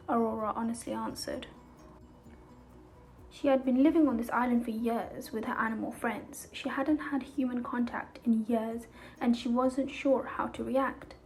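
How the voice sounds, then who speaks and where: A woman reading a fantasy short story aloud in a calm, even storybook narration. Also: on the high side, normal speed, vocal fry, poor audio. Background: soft background music.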